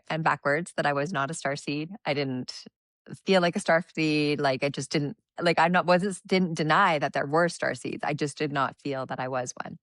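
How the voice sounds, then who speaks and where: A woman's voice: sits low, dry recording. A woman guest on a podcast, sharing her spiritual experiences in an earnest, reflective way. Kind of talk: casual chat.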